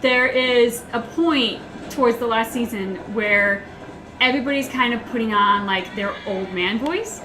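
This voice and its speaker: Brief Female co-host, a bit high-pitched, playful and teasing, echoey room with steady background noise. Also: measured pace. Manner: playful, teasing, many ums. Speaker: livestream co-host. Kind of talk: casual gaming livestream chat.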